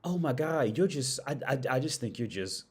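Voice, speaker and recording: This is a young woman gushing with admiration, as a man mimics her. She talks softly, stumbling and repeating herself. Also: mid-range voice, expressive, slightly rough. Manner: breathless, gushing, halting.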